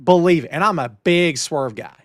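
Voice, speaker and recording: A man hosting a wrestling news talk show, emphatic and animated, with lots of restarts. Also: fairly high pitch, moderate pace, no echo, clean studio sound. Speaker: podcast host. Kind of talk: casual wrestling news chat.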